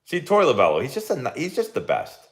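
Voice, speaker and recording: A man's voice: mid-range voice, wildly swooping pitch, fast. A young man, a baseball coach hosting a casual live watch-along and chatting with lots of fillers and laughs.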